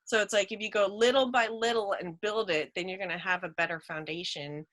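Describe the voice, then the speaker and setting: Give me a talkative woman with a bright, forward voice, chatting casually. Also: mid-range voice, fairly even intonation, a little fast, rough recording. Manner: chatty, full of "you know" and "like". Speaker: guest, dog rescuer. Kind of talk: casual chat.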